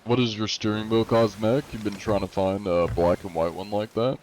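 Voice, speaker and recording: A man's voice: on the low side, fairly even intonation, moderate pace, darkish tone, slight background noise, low-quality recording. A young adult man streaming a game, chatting casually and answering viewers' questions in a laid-back, rambling way. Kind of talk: casual live-stream chat, reading chat questions.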